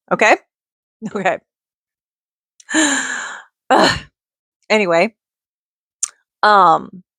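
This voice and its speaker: Low-voiced woman ranting in a vlog. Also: a bit bright, no room sound. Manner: frustrated, rambling, talks in bursts with many fillers. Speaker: vlogger; mother and call center worker.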